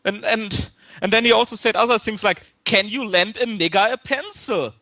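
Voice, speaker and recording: A man's voice: sits high, moderate pace, pushed and bright, no echo. A man putting on a nervous young male student caller with a fake German accent, stammering and repeating his words. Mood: flustered. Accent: put-on German. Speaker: prank caller. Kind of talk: prank call-in.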